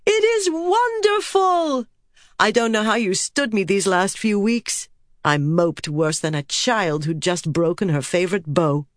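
A woman's voice: on the low side, a little slow, no echo, clean studio sound, lightly acted. A woman reading an audiobook, voicing a fierce, brash woman archer commander in a boisterous, commanding manner. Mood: elated.

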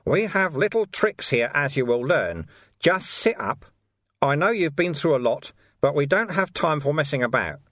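A man's voice: fairly high pitch, normal speed, no room sound, clean studio sound, pitched above the performer's own voice. A man voicing a wry, friendly older sweeper. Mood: calm. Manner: calm, dryly amused, friendly. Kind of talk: audiobook character voice.

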